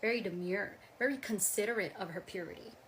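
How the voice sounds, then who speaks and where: A woman's voice: mid-range voice, a little fast, fairly bright tone, a little hiss or hum. A mother doing an earnest, mock-proper comedy skit.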